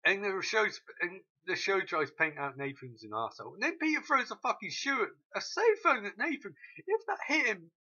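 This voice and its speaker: A man's voice: high voice, fairly quick, breathy edge. A man hosting a profane, sarcastic comedic recap rant. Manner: sweary, sarcastic, animated. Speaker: recap host. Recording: dull lo-fi recording.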